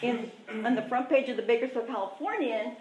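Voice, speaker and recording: A woman's voice: fairly high pitch, brisk, a little mellow. A woman sharing her own recovery story, candid and self-mocking, chatty with lots of asides. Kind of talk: personal recovery testimony. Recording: echoey room.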